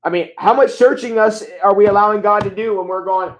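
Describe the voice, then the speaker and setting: A man talking as a pastor on a livestream, conversational and animated, reading viewer comments and acting out mock prayers. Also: sits high, fast, hardly any pauses, roomy sound, highs cut off.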